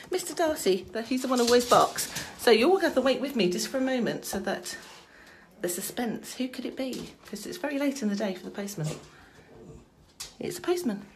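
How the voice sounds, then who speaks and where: A woman's voice: on the high side, expressive, moderate pace, slight background noise. A woman, a psychic card reader, chatting on a casual live stream from home, laughing often and talking straight to her viewers.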